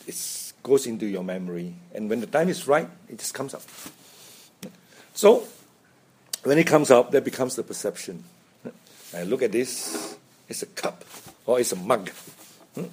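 A man teaches Buddhism in a loose, conversational way. His husky voice swoops up and down as he talks, and he often breaks into chuckles and tags his points with "right?". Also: mid-range voice, a little mellow. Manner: chatty, chuckles often, frequent tag "right?". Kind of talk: informal dharma talk.

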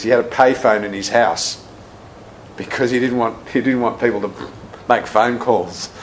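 A man's voice: mid-range voice, a little hiss or hum, low-quality recording. Man telling anecdotes in a teaching talk. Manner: storytelling, acts out quotes, laughs at his own anecdotes. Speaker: Buddhist teacher and shiatsu therapist.

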